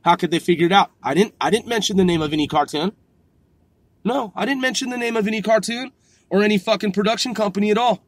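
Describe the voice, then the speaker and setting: A man's voice: high-pitched, fast talker, no room sound. A man hosting a podcast, ranting sarcastically from his car and swearing constantly. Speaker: podcast host. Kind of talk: profane ranting monologue.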